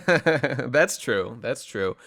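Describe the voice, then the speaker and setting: A man hosting a casual podcast chat, quick and jokey with a mock-snobbish edge. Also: mid-range voice, expressive, creaky, a bit bright, no echo. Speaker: host.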